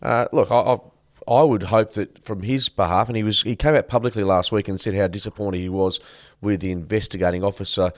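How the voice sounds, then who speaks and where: A man's voice: lowish voice, steady tone, brisk, no room sound, clean studio sound. A man co-hosting a podcast in casual chat, telling rambling, self-deprecating stories. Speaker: podcast co-host.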